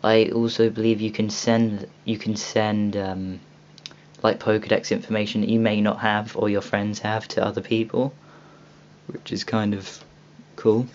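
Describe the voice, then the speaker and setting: A man's voice: lowish voice, flat delivery, a little slow, a little mellow. A young man hosting a casual video walkthrough of a game store, rambling with many ums and restarts. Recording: dull lo-fi home recording with faint hiss.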